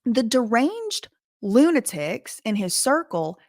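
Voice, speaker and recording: A woman's voice: fairly high pitch, very animated, no echo. Indignant woman, dry close mic. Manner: indignant, repetitive, deliberate stresses. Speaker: commentary channel host. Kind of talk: emphatic to-camera commentary.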